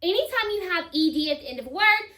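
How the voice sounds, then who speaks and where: A woman teacher, slowly sounding out spelling words for children. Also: extremely high pitch, expressive, sharp tone. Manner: slow, deliberate sounding-out of words.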